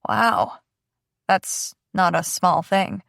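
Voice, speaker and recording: A woman voicing an easygoing teenage boy who gently teases, in an audiobook. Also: on the low side, very slow, gravelly, no room sound, studio quality, heavily acted. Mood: curious.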